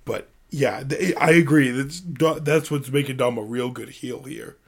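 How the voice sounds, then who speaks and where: A man's voice: medium pitch, unhurried, breathy edge. A man co-hosting a casual podcast, mostly chiming in with agreement and short opinions. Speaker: podcast co-host. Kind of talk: casual chat.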